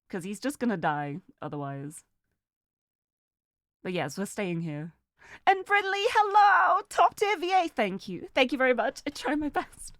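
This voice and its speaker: A woman's voice: medium pitch, no echo, studio quality. A British woman chatting casually and giggling while streaming a video game. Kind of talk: casual gameplay commentary.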